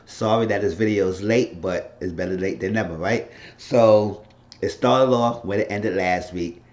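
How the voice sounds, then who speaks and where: A man recapping a TV episode in a casual, animated, profane monologue on a dull, lo-fi recording. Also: fairly low pitch, normal speed. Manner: animated, profane, acts out scenes. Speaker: vlogger reviewing a TV episode. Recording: dull lo-fi with faint noise.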